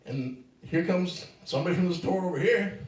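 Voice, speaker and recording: A man's voice: sits high, a little fast. Middle-aged man telling a stand-up story. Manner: loose, laughing storyteller. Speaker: open mic comedian. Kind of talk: stand-up comedy set. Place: small open mic venue. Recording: roomy, distant mic with faint noise.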